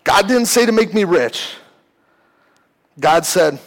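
A man's voice: sits high, lively intonation, slow, pauses often, poor audio. A young man giving a casual sermon to a youth group from a church stage, talking conversationally with lots of fillers. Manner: conversational, uses many fillers like "like". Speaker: youth pastor. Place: church hall, speaking from a stage.

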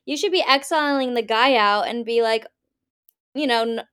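A young woman on a casual podcast who talks bluntly and swears without hesitation. Her voice is slightly high and smooth. She often jumps in with questions. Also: normal speed, fairly bright tone. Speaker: podcast co-host. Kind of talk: casual gossip chat.

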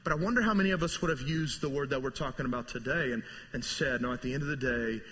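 A male pastor preaching a sermon, telling the story vividly and swinging between soaring lines and hushed ones. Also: mid-range voice, quick pace, hardly any pauses, slightly rough. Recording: long hall reverb.

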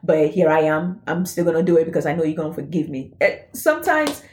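A woman in a casual faith chat, animated and laughing often as she acts out voices. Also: deep voice, fast talker, slight background noise. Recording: roomy echo.

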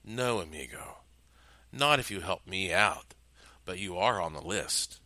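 A man doing a calm, menacing killer. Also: deep voice, measured pace, no echo, exaggerated voice. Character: calm menacing male killer, fatherly and amused.

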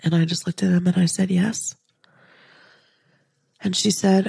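A woman hosts her own podcast, sharing an emotional story up close to the microphone. Her voice is husky with a gravelly edge, and she keeps her delivery flat and even. The sound is dry and close. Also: fairly low pitch, unhurried, pauses often, no echo. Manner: earnest, intimate, slips into soft whispers when quoting herself. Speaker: podcast host.

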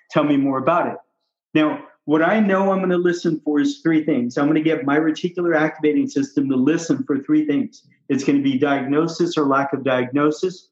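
Doctor guy coaching, fairly high voice, punchy and repetitive, echoey kinda dull audio. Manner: emphatic, repetitive, role-plays patients. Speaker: doctor coaching on patient communication. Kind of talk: casual coaching talk. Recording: roomy, slightly dull recording.

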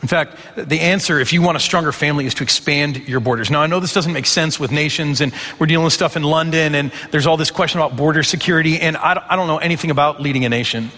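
Man, pastor, conversational sermon, rhetorical questions, slightly high voice, reverberant hall. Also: quick pace, few pauses, pushed and bright. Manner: conversational preaching with rhetorical questions and acted-out quotes.

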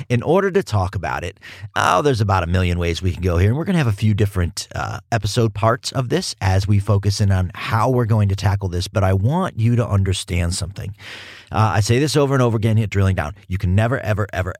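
A man hosting a casual podcast and teaching the Bible, animated and emphatic, often repeating words for stress and poking fun at himself. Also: on the low side, no echo, studio quality. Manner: animated, self-mocking, emphatic repetition.

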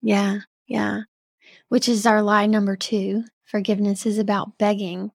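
A woman co-host on a faith podcast who mostly murmurs agreement and then brings in the next point. Her voice sits at a middle pitch. The sound is close and dry. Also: little pitch movement, measured pace, vocal fry, no room sound. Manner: gives soft agreeing backchannels, brings in the next topic. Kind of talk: casual faith podcast chat.

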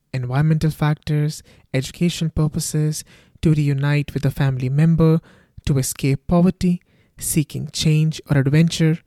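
A man with an Indian accent giving a scripted introduction to his podcast as its host, in a steady, rehearsed delivery. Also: a little high, no echo, clean studio sound. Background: faint guitar music.

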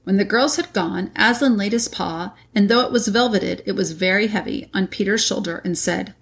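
A woman reading a classic children's novel aloud in a measured, deliberate way. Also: mid-range voice, gravelly. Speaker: reader. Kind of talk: audiobook narration.

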